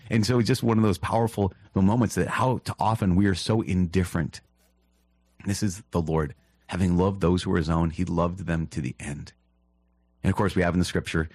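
A man hosting a teaching podcast, reading catechism passages and explaining them in an earnest, animated way with quick asides. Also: low-pitched, dry recording. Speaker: priest podcast host.

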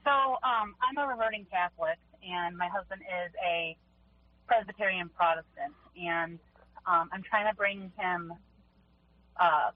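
A woman caller on a tinny phone line asks her question hesitantly. Her voice is husky and her speech is full of fillers. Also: fairly low pitch. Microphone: telephone.

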